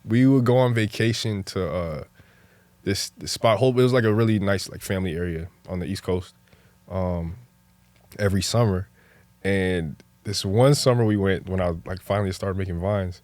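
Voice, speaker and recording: A young man from New Jersey, a podcast guest, telling stories in a relaxed, casual way that turns lively and full of laughter at the funny parts. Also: low voice, normal speed, dry recording. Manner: laid-back, animated when telling stories, laughs often. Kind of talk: casual storytelling chat.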